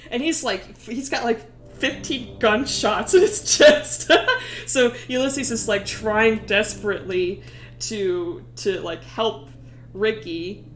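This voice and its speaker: A young woman streamer retelling game lore in a casual, animated way, swearing and often breaking into laughter. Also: medium pitch, slow, roomy sound, a little hiss or hum.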